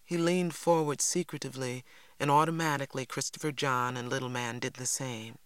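A man reads a storybook in measured, unhurried narration at a middling pitch. The recording is dry and close, with no room echo. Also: fairly even intonation, a bit bright, clean tone. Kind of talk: audiobook narration.

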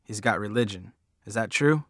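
A man voicing a loud, crude middle-aged woman who taunts and pries. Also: fairly low pitch, moderate pace, dry recording, studio quality. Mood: mocking. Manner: taunting, coarse, nosy.

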